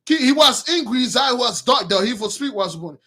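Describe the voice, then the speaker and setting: A man retelling a Bible story with lively, slangy commentary, calling his listeners brothers. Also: extremely high pitch, a little fast, breathy edge.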